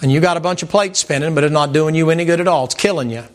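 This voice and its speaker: A man preaching a sermon to a congregation in a folksy, animated way, repeating words and mimicking sounds. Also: a little high, very fast. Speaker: pastor. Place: church sanctuary with congregation.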